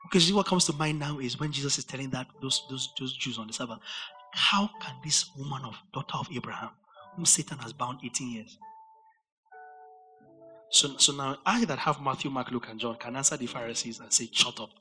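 A man preaching a verse-by-verse Bible study sermon, animated and rising to near-shouts for emphasis. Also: mid-range voice, fairly quick, soft background music.

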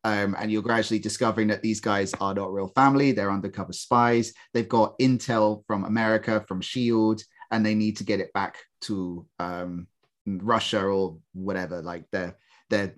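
A man's voice: on the low side, fairly even intonation, moderate pace. A man co-hosting a podcast, chatting casually about a film and laughing often, with sarcastic jokes. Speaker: podcast co-host. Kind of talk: casual film review chat.

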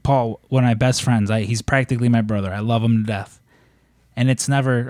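Halting man in a dry close recording. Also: medium pitch, fairly even intonation, darkish tone, no echo. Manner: hesitant, lots of "like" and restarts. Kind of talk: casual chat.

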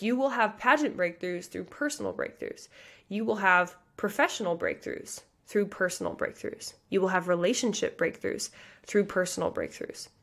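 A woman in her early thirties from the American Midwest hosts a motivational podcast. She talks fast and passionately, full of casual asides and direct address to her listeners, in a mid-range voice. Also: medium pitch, a bit bright. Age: 30s. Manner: passionate, fast, chatty with many likes and you guys. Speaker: pageant coach and podcast host.

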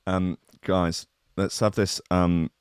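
A man's voice: low voice, level tone, slow, clean tone, no echo, clean studio sound. A man hosting a radio show, ranting sarcastically and swearing as he reads and mocks news stories. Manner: sweary, sarcastic rants with mock outrage. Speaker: radio host.

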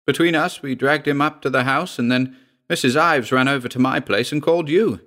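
A man voicing an earnest young boy telling what he saw in a halting, excited way. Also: medium pitch, voice pushed up, close to an everyday voice.

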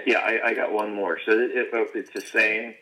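A man co-hosting a podcast, telling a fishing story in casual chat, halting and restarting sentences. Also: lowish voice, sing-song, bright, forceful tone, low-quality recording. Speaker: podcast co-host.

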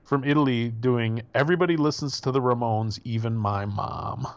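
A man chats on a podcast, rambling loosely and joking with his co-host. His voice sits at an ordinary pitch and comes through dry and close. The sound is a bit dull and lo-fi. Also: normal speed, dry recording. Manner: rambling, jokey, swears casually. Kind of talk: casual chat.

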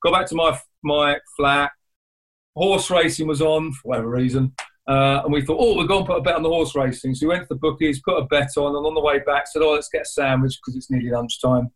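A man's voice: on the high side, rough recording. A man who is a guest telling a painful story in a conversational way, often restarting his sentences. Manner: rambling, halting retelling with many restarts.

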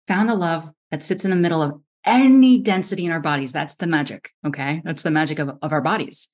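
A middle-aged woman physician, a podcast guest, telling a story with lively energy and acting out the voices she quotes, often restarting her sentences. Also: low voice, quick pace, hardly any pauses. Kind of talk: animated storytelling in a podcast interview.

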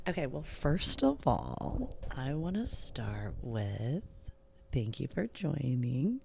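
Low, gravelly-voiced giggly woman podcaster. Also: sing-song, slow, mellow. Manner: giggly, bubbly, self-mocking, drawling filler-heavy talk. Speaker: podcast host. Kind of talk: casual solo podcast chat. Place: home recording setup in Wisconsin.

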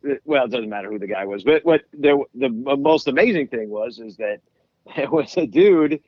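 A man's voice: medium pitch, lively intonation, moderate pace, no room sound, lo-fi sound. A man guesting as a musician, chatting casually in an interview and rambling through stories with lots of restarts. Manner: rambling, many restarts and laughs.

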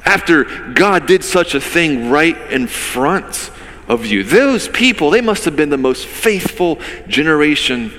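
A man's voice: fairly high pitch, expressive, measured pace, fairly bright tone. A man, a pastor, giving a conversational sermon with vivid storytelling and rhetorical questions. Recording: long reverb of a large hall.

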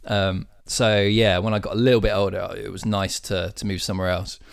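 Chatty young man, lowish voice, casual podcast co-host, dry close sound. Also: flat delivery, fairly quick, vocal fry, clear, resonant tone, no room sound. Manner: chatty, uses "like" a lot. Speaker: podcast co-host, band drummer. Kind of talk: casual chat.

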